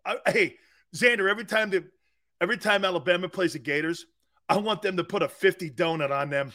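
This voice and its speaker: A man's voice: high-pitched, brisk, pushed and bright. A man hosting a sports talk show, brash and boisterous, laughing often as he riffs.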